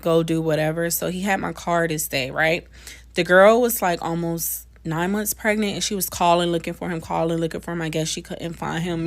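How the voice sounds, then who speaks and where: A woman telling a casual storytime straight to her listeners, chatty and blunt, swearing freely. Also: lowish voice.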